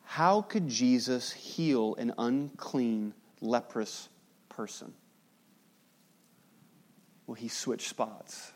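A man preaching a sermon as pastor. He talks conversationally, drops in joking asides, and moves between loud emphasis and hushed, solemn passages. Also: medium pitch, drawn-out words, long pauses.

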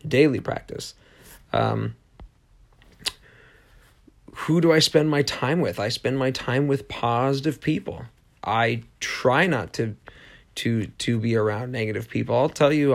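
Gravelly-voiced man giving a motivational podcast. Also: medium pitch. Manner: earnest and rambling, with frequent restarts and asides; repeats short emphatic self-affirmations. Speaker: podcast host. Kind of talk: motivational solo podcast talk.

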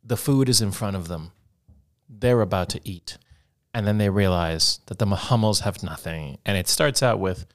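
A man with a fairly low voice co-hosts a podcast. He speaks in an earnest, explanatory way and keeps it casual and conversational. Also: normal speed. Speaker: podcast co-host. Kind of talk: casual chat.

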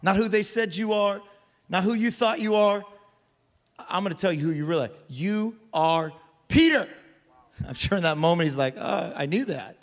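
A male pastor preaching a sermon with call-and-response, building up to shouts. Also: sits high, normal speed, pauses often. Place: large church hall. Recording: long hall reverb.

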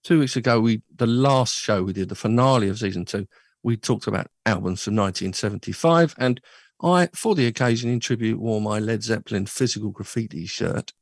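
A man's voice: lowish voice, fairly quick, no room sound. A man hosting a casual chat show, talking in a chatty, joking way with rambling asides. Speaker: podcast host.

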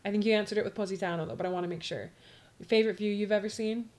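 A young woman hosting a podcast, asking her guest questions in a chatty, curious way. Her voice sits in a middle range for a woman, and her talk is relaxed and conversational. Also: medium pitch, racing. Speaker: podcast host. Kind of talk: casual interview.

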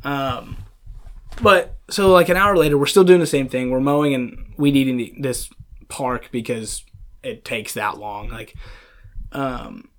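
A young man casually telling stories about his coworkers, animated and full of fillers like "like" and "um.". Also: medium pitch, unhurried. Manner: animated storyteller, many fillers like "like" and "um". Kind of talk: casual storytelling chat.

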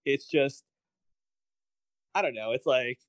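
A man's voice: mid-range voice, slow, no echo. A man chatting casually as a podcast co-host, rambling and wry, with many fillers. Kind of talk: casual chat.

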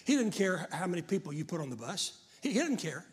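An older man preaching a fervent sermon to a congregation, often rising to shouts. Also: high voice, very animated, fast. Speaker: pastor.

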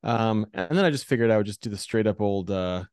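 A man's voice: on the low side, brisk, a little mellow, smooth, no room sound. Rambling, laughing American man on dry mic. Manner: rambling, self-deprecating, laughs often. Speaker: church podcast co-host. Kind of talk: casual chat.

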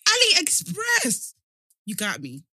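A woman co-hosting a chatty podcast, teasing her friend and laughing often. Her voice is bright and a little husky, with pitch that swings widely. The sound is dry and close. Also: no room sound. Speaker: podcast co-host. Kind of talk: casual chat.

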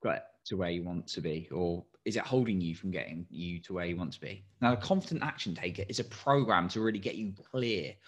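A man's voice: low voice, brisk, hardly any pauses. A man coaching listeners in a motivational solo talk, tired, encouraging and asking many direct questions. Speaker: coach and podcast host.

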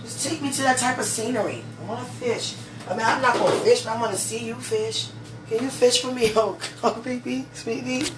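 A woman with a somewhat high voice chats slowly and lovingly to her partner, rambling and peppering her talk with "you know" and fervent praise. She sounds far from the mic in an echoey kitchen, with steady background noise underneath. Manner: fervently religious, gushing. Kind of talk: casual chat to a partner.

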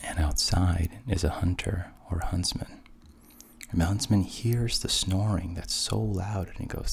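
A man casually retelling a fairy tale in a relaxed, conversational way, with asides. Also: deep voice, unhurried, creaky, slightly rough. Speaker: storyteller.

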